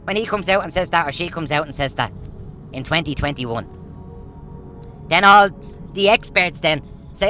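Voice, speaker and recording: Ranting man, bright voice. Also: fairly high pitch, expressive, moderate pace, pauses often, soft background music. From Ireland. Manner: ranting, repetitive, rhetorical questions. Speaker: vlogger. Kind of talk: casual monologue to camera.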